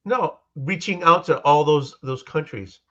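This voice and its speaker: A man's voice: on the high side, a little slow, sharp tone. A man co-hosting a podcast in casual chat, teasing the others and laughing often. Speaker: podcast co-host. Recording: dull lo-fi sound.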